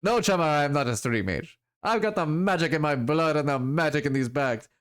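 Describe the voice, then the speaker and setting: A man's voice: medium pitch, lively intonation, moderate pace, clean tone, close to an everyday voice. A man voicing a scrawny, cheerful street elf drug dealer with sly, boastful sales patter, reading a video game aloud.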